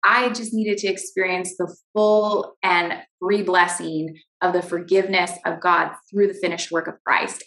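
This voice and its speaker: A middle-aged woman giving a personal faith testimony as an interview guest, earnest and halting, often restarting her sentences. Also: mid-range voice, a bit bright, reverberant, low-quality recording.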